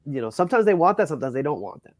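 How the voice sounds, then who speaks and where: A man working as a wedding DJ tells a story in casual chat. He talks in an animated, profane way and says "bro" and "like" constantly. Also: a little high, rapid-fire, no room sound, clean studio sound. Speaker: wedding DJ guest.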